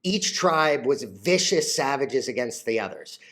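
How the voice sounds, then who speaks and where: A man's voice: medium pitch, sing-song, a little slow, fairly bright tone. A man vlogging about stocks in a crude, rambling casual rant, full of "like" fillers, laughing at his own jokes and getting easily flustered.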